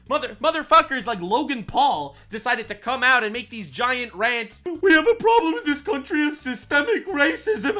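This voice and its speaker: High, bright-voiced ranting man. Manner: profane, sarcastic, angry outbursts. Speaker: online commentator. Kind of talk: ranting political commentary.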